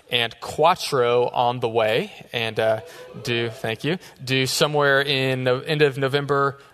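A man's voice: mid-range voice, fairly bright tone. A man in his thirties, a youth pastor preaching a sermon in a casual, joking storytelling way. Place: church sanctuary. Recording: echoey church hall.

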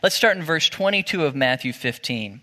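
A man preaching from the pulpit with a bright, forceful and fairly high voice. He moves between easy, conversational talk and animated emphasis. The sound carries the long reverb of a church hall. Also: normal speed. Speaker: pastor. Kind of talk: sermon. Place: church sanctuary.

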